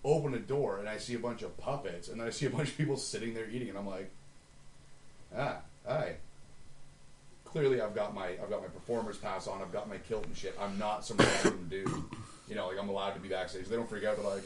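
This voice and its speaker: A man's voice: fairly low pitch, fast, distant mic. A man casually telling a long profane backstage story, acting out what people said. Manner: profane storyteller, acts out quotes. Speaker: musician. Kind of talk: casual podcast chat. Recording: roomy with faint noise, a bit off-mic.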